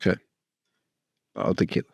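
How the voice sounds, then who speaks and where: A man's voice: normal speed, a little mellow, dry recording. A man co-hosting a podcast in casual chat, laughing often and spinning rambling hypotheticals. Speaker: podcast co-host.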